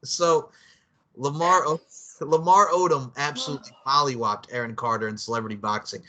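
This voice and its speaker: A man's voice: mid-range voice, moderate pace, pushed and bright. A man hosting a casual podcast chat, rambling, profane and often laughing. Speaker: podcast host.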